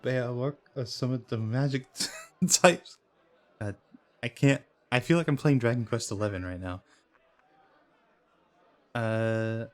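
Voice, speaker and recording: Slow, lively man calling dice bets. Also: medium pitch. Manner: excitable, laughs and swears at close calls; reads in-game dialogue aloud in plain voice. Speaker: gamer playing a dice game. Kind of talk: casual let's play commentary.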